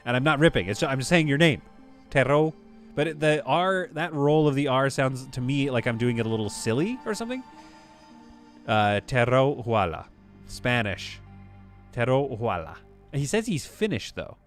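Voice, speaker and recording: A man rambles through live-stream commentary over a management game, talking to his chat in a loose, easygoing way. His voice sits at an ordinary middle pitch. Faint music plays underneath. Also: expressive, brisk. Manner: chatty, rambling, reads chat aloud.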